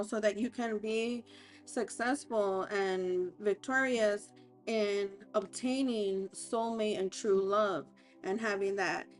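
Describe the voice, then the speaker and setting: A woman reading tarot cards aloud as a life coach, talking in a hesitant, halting way with many fillers and restarts. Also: mid-range voice.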